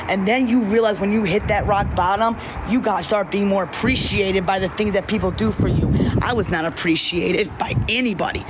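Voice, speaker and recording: Emotional confessional woman, noisy background. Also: mid-range voice. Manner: repetitive, pleading, emphatic. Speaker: vlogger telling her life story. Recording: noisy background with passing vehicles.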